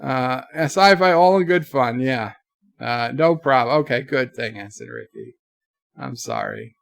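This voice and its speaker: A man's voice: medium pitch, big pitch swings, unhurried, gravelly, a bit bright, no echo, clean studio sound. A man hosting a casual livestream, rambling and joking while reading chat messages aloud. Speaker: livestream host.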